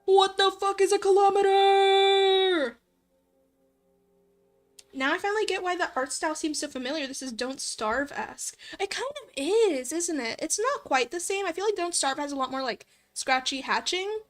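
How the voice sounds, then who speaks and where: A woman's voice: high voice, animated, brisk, hardly any pauses, a bit bright, faint music behind. A young woman streaming a horror game, chatting casually, laughing often and nitpicking the art. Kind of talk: let's play commentary.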